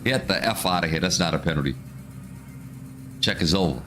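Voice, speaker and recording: A man doing live football reaction commentary as a watch-along streamer, excitable and ranting, often repeating himself. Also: low voice, a little fast, over music.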